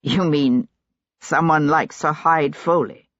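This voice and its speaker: A woman's voice: low-pitched, slow, dry recording. A woman voicing a stern, determined male investigator who asks terse, probing questions, in a dull, dry recording.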